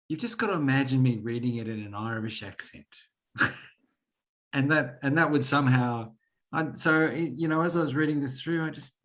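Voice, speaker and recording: A man's voice: medium pitch, fairly bright tone, poor audio. A man hosting an online poetry reading, talking informally with many hesitations. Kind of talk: casual hosting.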